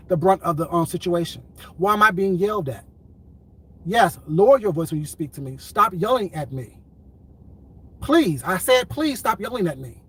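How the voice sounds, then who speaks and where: A man with a high, husky voice addresses his livestream. He speaks in a calm, controlled, deliberate way and repeats his points for emphasis. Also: poor audio. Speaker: YouTube streamer. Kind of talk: heated livestream commentary.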